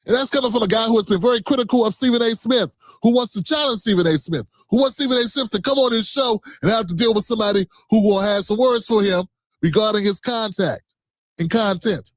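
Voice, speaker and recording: Combative high-voiced man ranting at a clip. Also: dry recording, studio quality. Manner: combative, profane, mocking, talks back to the clip. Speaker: streamer reacting to clips. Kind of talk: heated reaction commentary.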